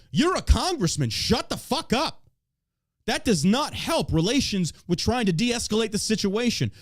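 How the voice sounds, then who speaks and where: A fired-up male podcast host rants with a lively, swooping voice that sits a little high. He swears freely and hammers each point hard. The sound is close and dry. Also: moderate pace, no room sound. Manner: profane, heated, emphatic. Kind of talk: ranting political podcast talk.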